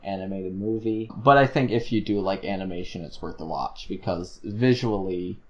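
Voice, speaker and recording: A man's voice: low-pitched, moderate pace, darkish tone, highs cut off. A man co-hosting a podcast, chatting casually about films with many fillers and restarts. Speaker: podcast co-host. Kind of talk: casual film review chat.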